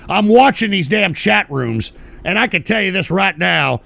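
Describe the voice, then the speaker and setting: A man hosting a radio show, ranting angrily and profanely with bursts of shouting while he smokes. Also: a little high, animated, fast talker, creaky. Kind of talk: ranting monologue.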